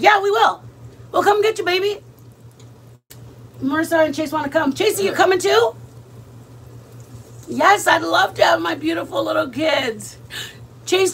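Her voice sits high and a bit bright, with slight noise in the background. She's a middle-aged woman hosting a live cooking stream, chatting casually, rambling, and welcoming viewers by name as she cooks.

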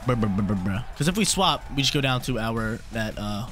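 A young man giving excitable live commentary on his own game, talking to himself and repeating phrases. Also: medium pitch, fairly quick. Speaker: gaming YouTuber.

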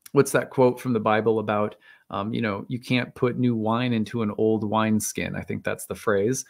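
A man giving a casual, rambling solo talk as an astrologer, thinking aloud with many fillers and restarts. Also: mid-range voice. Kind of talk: casual monologue.

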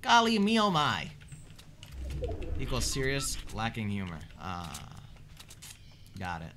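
A young man streaming live, chatting with his viewers in a joking, sarcastic way and swearing often as he swings between mutters and shouts. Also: mid-range voice, wildly swooping pitch, takes it slowly, background noise. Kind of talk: casual live-stream chat, answering viewers. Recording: game stream with clear background music.

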